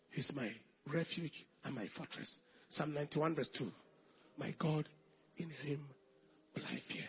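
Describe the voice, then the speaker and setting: A man preaching a sermon with emphasis, repeating phrases and swinging from hushed lines to shouted declarations. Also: a little high, husky, highs cut off. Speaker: pastor.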